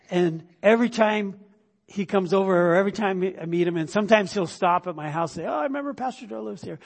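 A middle-aged male pastor preaching a conversational sermon, full of restarts and sudden bursts of emphasis. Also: high voice. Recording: long hall reverb.

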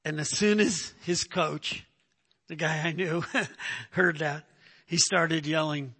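Emphatic high-voiced male preacher. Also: steady tone, slow, long pauses, sharp tone, slightly rough. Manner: emphatic, repeats "right?" to the congregation. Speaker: pastor. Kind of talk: sermon.

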